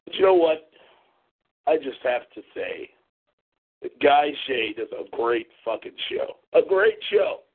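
A man hosts a podcast, talking casually and stumbling over fillers before he turns emphatic. His voice is husky, at a middle pitch. The sound is narrow and phone-like. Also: animated, measured pace, pauses often. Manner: hesitant, then emphatic. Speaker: podcast host. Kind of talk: casual commentary. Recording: tinny phone-like audio.

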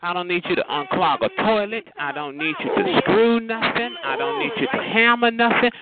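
A man's voice: very high-pitched, animated, moderate pace. A man trash-talking over a phone chat line in a sassy, taunting manner. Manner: sassy, taunting, repeats "bitch" and "honey". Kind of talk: aggressive phone trash talk. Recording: tinny phone line with loud hiss.

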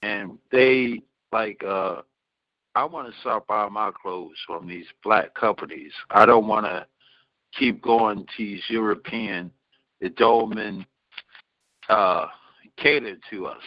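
A man's voice: lowish voice, takes it slowly, no echo. A man co-hosting a casual talk show, restarting phrases and repeating his point as he talks. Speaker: co-host. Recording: dull, muffled lo-fi sound.

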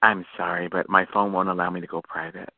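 A man's voice: low-pitched, flat delivery, quick pace, dry recording. Syrupy man on a tinny phone line. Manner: syrupy, overly sweet and affectionate. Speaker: chat line host. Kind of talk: prank call chat.

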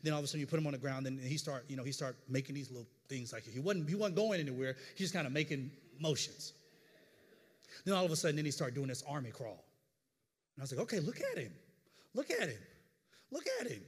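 A middle-aged man, a pastor, preaching a sermon with animated storytelling and stammered repeats. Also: mid-range voice, fast. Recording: long hall reverb.

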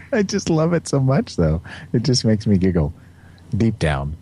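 A man's voice: fairly low pitch, wildly swooping pitch, a little slow, mellow, breathy edge. A man hosting a podcast, rambling and joking with a giggly, casual manner. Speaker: podcast host. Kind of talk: casual chat.

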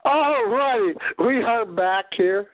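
A man's voice: sits high, lively intonation, slow, dry recording, narrow, tinny audio. A tired man hosting a show, talking in a casual, meandering way with many fillers. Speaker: host. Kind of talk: casual rambling monologue.

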